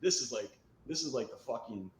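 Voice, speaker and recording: A man's voice: mid-range voice, expressive, brisk. A man telling a personal story in a candid, rambling, self-mocking way. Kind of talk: recorded storytelling video. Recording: echoey room with faint noise.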